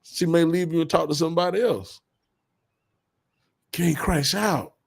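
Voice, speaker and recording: A man's voice: a little high, measured pace, creaky, breathy edge. Blunt slang-heavy man lecturing. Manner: blunt, preachy, heavy slang, repeats insults with bursts of laughter. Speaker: commentary vlogger. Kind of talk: casual advice monologue.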